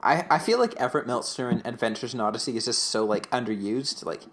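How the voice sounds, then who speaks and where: A young man chats loosely on a fan podcast, retelling scenes in a rambling, filler-heavy way. His voice sits at a middling pitch. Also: animated, fast talker, fairly bright tone. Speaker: podcast co-host. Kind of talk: casual fan podcast chat.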